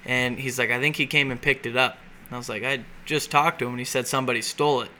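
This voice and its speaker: Bright-toned man telling a story. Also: medium pitch, fast, a little hiss or hum. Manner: relaxed storyteller, quotes others in dialogue. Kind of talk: casual chat.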